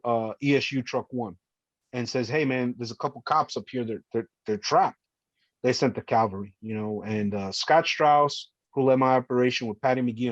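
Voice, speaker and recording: A man's voice: mid-range voice, no room sound. Emphatic male podcast guest telling his story. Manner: emphatic, vivid, reenacts voices, swears. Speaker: podcast guest recounting survival. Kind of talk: emotional first-person storytelling. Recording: dry, slightly dull podcast audio.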